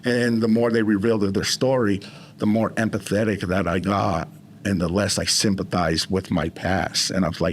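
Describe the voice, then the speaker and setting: A man in recovery, appearing as a guest on a podcast, tells his story in casual conversation, rambling and restarting often. His voice is lowish at a normal speed, with a little hiss or hum in the background.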